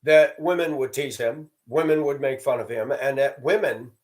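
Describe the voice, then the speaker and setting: A man's voice: mid-range voice, normal speed. A man from the American South delivering a sarcastic, judgmental ranting monologue to his channel. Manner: sarcastic, judgmental, emphatic repetition. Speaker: channel host.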